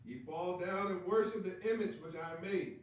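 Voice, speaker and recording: A man reading old-style Bible verses aloud, verse by verse, with a fairly high voice. He sits well back from the microphone in a heavily echoing room, so the words sound distant and washed. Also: steady tone, moderate pace. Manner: reads steadily, announces verse numbers. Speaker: scripture reader. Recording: very echoey room, far from mic.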